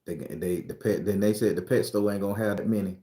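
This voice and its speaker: In a casual spiritual vlog, a reader rattles off his predictions fast, with a lowish, steady, mellow voice that echoes in the room. He's loose and profane, emphatic, and laughs a lot.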